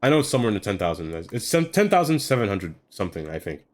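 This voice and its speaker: A man's voice: on the low side, sing-song, racing. A man streaming live, chatting casually to himself as he builds in a game, rambling and trailing off into fillers.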